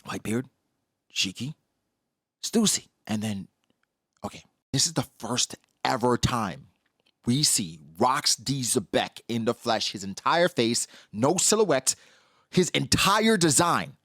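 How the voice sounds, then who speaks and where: A man giving casual, slangy commentary on a comic chapter, acting out characters in quick asides. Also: medium pitch, big pitch swings, a bit bright, no room sound, studio quality. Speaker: manga reaction host.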